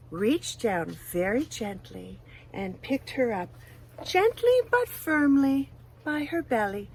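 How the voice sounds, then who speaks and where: Gentle, lively woman teaching chicken care. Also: medium pitch, a little hiss or hum. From Canada. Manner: gentle, softly speaking to the hens. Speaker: host of a children's chicken-care show. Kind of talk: friendly teaching presentation for children. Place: chicken coop on a farm. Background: music.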